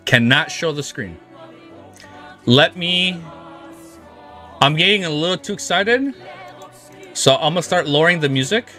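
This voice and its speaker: An excitable man chats on his livestream with a high, bright voice that jumps all over the place. He rambles and swears casually, and some music plays faintly behind him. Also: unhurried, long pauses. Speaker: livestream host. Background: faint background music.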